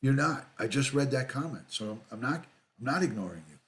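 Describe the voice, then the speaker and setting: Expressive and fairly quick, the mid-range voice belongs to a middle-aged retired detective hosting a casual livestream. He reads comments from viewers aloud, welcomes people by name and repeats himself often.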